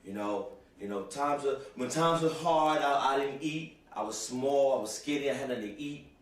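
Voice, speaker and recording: A medium-pitched young man speaks at a moderate pace as he hosts a rambling, comic rant to camera. He stumbles, repeats himself and says "you know" over and over, and he's far from the mic in a very echoey room.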